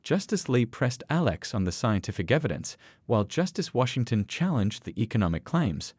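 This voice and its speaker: A man reading a scripted dramatic story as narrator, with a steady storytelling delivery. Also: mid-range voice, moderate pace, husky, no room sound.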